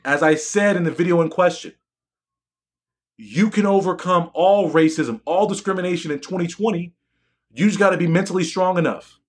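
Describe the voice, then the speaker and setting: Male educator, slightly higher voice, emphatic and preachy, repeats phrases for effect. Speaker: educator and physician. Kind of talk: live-streamed motivational talk.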